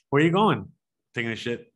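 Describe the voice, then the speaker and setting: A man riffing through a gaming stream, tossing out crude jokes and swearing freely. His voice sits right in the middle of the male range. He talks in casual, loose banter with a friend. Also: medium pitch.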